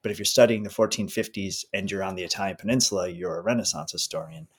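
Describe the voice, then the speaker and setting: A man being interviewed as a history professor, speaking in a measured, thoughtful way with some fillers. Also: low voice, husky. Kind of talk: casual academic interview.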